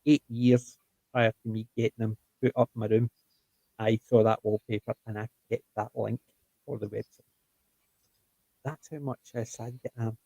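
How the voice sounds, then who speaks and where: An older Scottish man hosting a casual chat, his voice mellow and relaxed. He tells stories in an animated way and acts out the quotes. The sound is close and dry, with no room around it. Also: medium pitch, normal speed, long pauses, no echo, poor audio. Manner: chatty, animated storytelling with acted-out quotes. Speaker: host.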